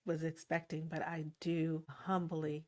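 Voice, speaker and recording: A woman's voice: sits low, completely flat delivery, a little slow, darkish tone. A woman hosting a casual interview, emotional and appreciative, often laughing. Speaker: podcast host.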